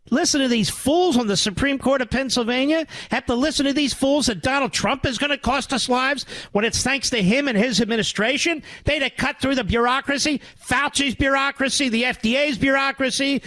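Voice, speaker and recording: A middle-aged man hosting a talk radio show, ranting with sarcasm and swinging between loud outbursts and low mutters. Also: no echo. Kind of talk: angry talk radio monologue.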